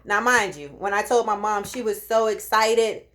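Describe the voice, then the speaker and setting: A woman in her late thirties telling a personal story in a casual vlog, lively and acting out what people said. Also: medium pitch, normal speed. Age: 30s. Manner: animated, acts out quoted voices. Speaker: vlogger.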